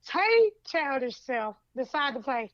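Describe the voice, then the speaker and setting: A woman co-hosting a podcast in casual chat, retelling a story in an animated way and acting out the lines. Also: high voice, measured pace, noisy background. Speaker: podcast co-host. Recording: dull lo-fi sound.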